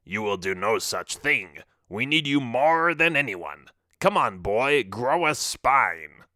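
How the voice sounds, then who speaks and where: Gruff pirate shipmate, as a man voices him. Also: medium pitch, very animated, slow, bright, forceful tone, no echo, studio quality, exaggerated voice. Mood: bossy. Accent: pirate accent. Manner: gruff, commanding.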